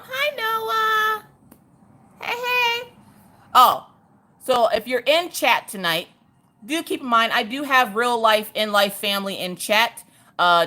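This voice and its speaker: A woman's voice: medium pitch, bright, forceful tone. A woman, chatting casually with her livestream audience from her couch at home while she crafts, laughing often and greeting viewers by name. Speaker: livestream host.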